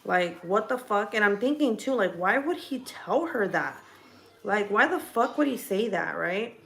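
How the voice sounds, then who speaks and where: A woman's voice: medium pitch, measured pace, gravelly. A woman vlogger telling a gossipy story from home, casual and rambling, swearing often and restarting her sentences. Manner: profane, rambling, animated storytelling.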